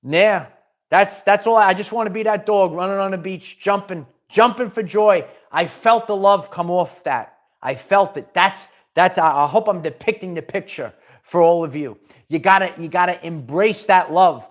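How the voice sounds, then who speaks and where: An emphatic man delivers a spiritual pep talk to his viewers. His voice sits a little higher than most men's. He repeats phrases and restarts his sentences often. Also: moderate pace. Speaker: spiritual channel host.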